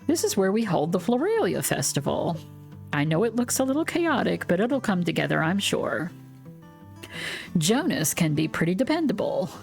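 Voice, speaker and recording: A woman's voice: lowish voice, very animated, normal speed, gravelly, darkish tone, faint music behind. A woman reading a kindly older village woman. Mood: gentle.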